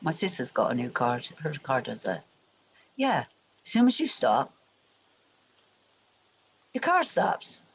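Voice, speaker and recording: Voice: mid-range voice, huge pitch swings, slow pace, gravelly, long pauses, fairly bright tone, breathy edge, low-quality recording. Chatty English-born livestreamer. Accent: English, Americanized. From England, Royal Berkshire. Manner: rambling, chatty, addressing viewers directly. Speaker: livestream host. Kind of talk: casual livestream chat.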